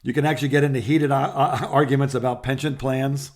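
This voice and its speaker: A man's voice: medium pitch, little pitch movement, fast talker, darkish tone. A man co-hosting a podcast over a phone call, dryly reading out a list of jokes and chuckling. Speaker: podcast co-host. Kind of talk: casual phone chat.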